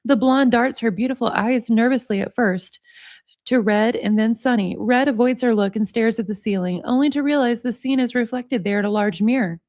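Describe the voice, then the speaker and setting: A woman's voice: on the high side, moderate pace, darkish tone, no echo, clean studio sound. A woman hosting a livestream, reading a book aloud expressively, with chatty asides to her viewers. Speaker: livestream host. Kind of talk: book reading with casual chat.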